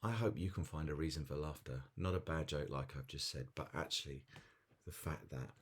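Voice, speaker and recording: Pastor guy doing a morning devotional, deep voice kinda husky. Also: brisk. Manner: warm earnest storytelling, chuckles. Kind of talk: daily devotional talk.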